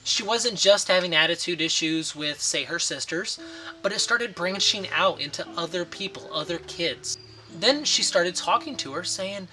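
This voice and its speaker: A man who is a father of daughters, giving parenting advice to camera in a steady, earnest way and briefly acting out short quoted phrases. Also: high-pitched, moderate pace.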